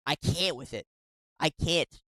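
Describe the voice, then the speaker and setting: A woman's voice: low voice, a little slow, fairly bright tone, no room sound, poor audio. A woman giving casual reaction commentary on a clip, exasperated and swearing often. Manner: exasperated, swears a lot, says "bro".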